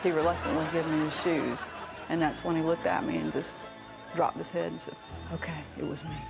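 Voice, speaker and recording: A man, a police officer, calmly recounting how he got a confession, in an interview. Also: a little high, brisk, creaky, music in the background, crowd noise. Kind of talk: interview recollection.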